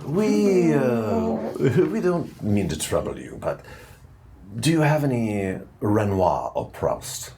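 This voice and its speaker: A man's voice: lowish voice, huge pitch swings, slow, dark tone, a little hiss or hum, voice pushed down, exaggerated voice. A man voicing giant insect-like creatures that speak mildly and politely, then threaten to crush. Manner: mild, courteous, then threatening.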